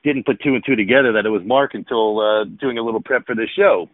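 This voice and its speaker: On a podcast with narrow, phone-like audio and no echo, a co-host who once played pro baseball chats casually at a quick pace. His mid-range voice wanders through rambling talk full of fillers and restarts.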